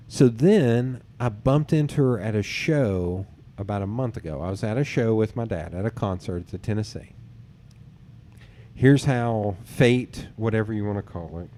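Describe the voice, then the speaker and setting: Man, podcast host, low pitch, mellow tone, casual storytelling, quotes others animatedly, casual swearing. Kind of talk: casual chat, telling personal dating stories.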